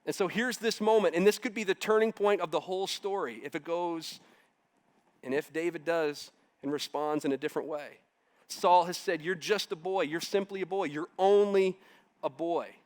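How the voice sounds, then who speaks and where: Pastor, middle-aged man, slightly high voice, dramatic preaching that builds to loud declarations. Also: normal speed. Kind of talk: sermon. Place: church.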